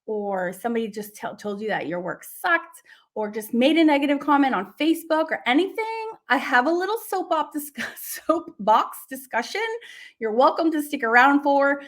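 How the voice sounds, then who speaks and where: A woman's voice: high-pitched, moderate pace. A woman art teacher hosting a casual live lesson, bubbly and gushing, chatting with lots of fillers.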